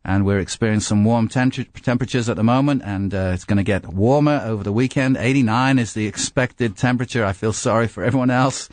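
A man's voice: lowish voice, brisk, hardly any pauses, a little mellow, dry recording. A middle-aged man from England with an English accent touched by an American twang, preaching a sermon in a conversational, self-deprecating way. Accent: English with a slight American twang. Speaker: pastor.

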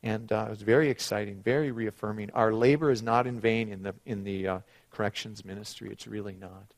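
A middle-aged man preaching a sermon, moving from quiet asides to loud, emphatic passages and telling stories. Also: lowish voice, steady tone, a little fast, vocal fry. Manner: storytelling with acted quotes.

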